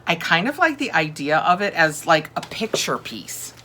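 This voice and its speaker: A woman's voice: deep voice, sing-song, moderate pace, pushed and bright, a little hiss or hum. A woman chatting casually through a home decor unboxing, thinking aloud and gushing over each item. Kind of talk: casual chat.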